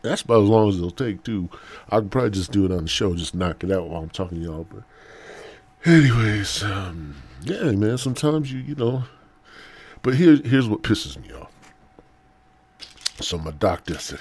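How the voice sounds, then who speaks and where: A man's voice: low voice, sing-song, a little slow, long pauses, a little mellow, slightly rough. A middle-aged man hosting his own podcast, rambling through a crude, profane comedic monologue from home. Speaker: podcast host.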